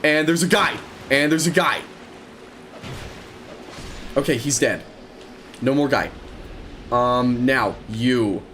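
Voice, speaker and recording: A young man commentating his own video game run, excitable and prone to repeating words in rapid bursts. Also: mid-range voice, a little hiss or hum. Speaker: gaming streamer. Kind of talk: let's play commentary.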